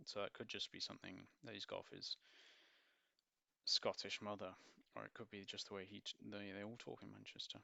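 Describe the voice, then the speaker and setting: A man's voice: lowish voice, flat delivery, fairly quick, creaky, pushed and bright, dry recording. A man reviewing a children's play script in a casual, rambling way, musing aloud and correcting himself as he goes. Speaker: book reviewer. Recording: dull lo-fi dry recording.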